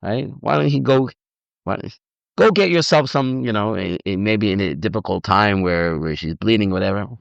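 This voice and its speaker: Animated low-voiced man lecturing. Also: normal speed, vocal fry, no echo. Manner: animated, repeats words, acts out dialogue. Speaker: rabbi teaching on marriage. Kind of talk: informal lecture with audience questions. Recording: dull lo-fi dry recording.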